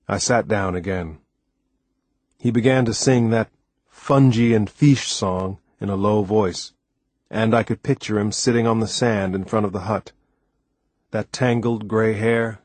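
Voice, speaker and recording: A man reading a first-person story aloud as an audiobook narrator, measured and deliberate. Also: fairly low pitch, a little mellow, no room sound.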